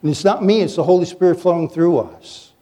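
A male pastor preaching a sermon, telling stories in an animated, joking way as he coaches his listeners. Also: high voice, fairly quick. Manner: animated, jokey storyteller who coaches the audience. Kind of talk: sermon with storytelling.

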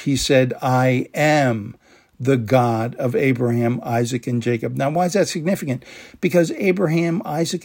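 A man's voice: a little high, darkish tone. A man preaching a sermon, emphatic and enthusiastic, repeating key words for stress.

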